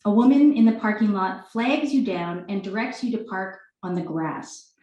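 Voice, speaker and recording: A woman's voice: medium pitch, animated, normal speed, warm tone. A woman introducing and reading her work at a book launch, chatty and self-deprecating, with stage directions read plainly. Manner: chatty, self-deprecating, laughing between lines. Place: bookstore event room indoors. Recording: echoey room.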